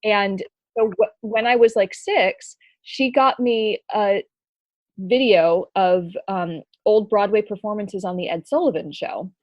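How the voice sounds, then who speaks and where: Animated young woman guest from Los Angeles, dry and close. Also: medium pitch, unhurried, dry recording, dull audio. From Los Angeles, California. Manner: animated, chatty storyteller. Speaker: guest, performer and writer. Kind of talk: podcast interview.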